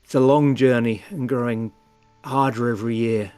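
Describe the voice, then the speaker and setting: A man's voice: mid-range voice, fairly even intonation, normal speed, warm tone, clean tone, faint music behind, lightly acted. A man voicing a weary, curt male dwarf messenger in a tabletop game, speaking in a guarded, tired way. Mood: grave.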